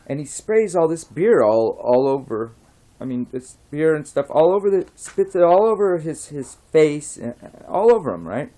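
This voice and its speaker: A man casually telling a long pub joke, rambling with frequent restarts and often soft-spoken. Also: a little high, very animated, moderate pace. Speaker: joke teller.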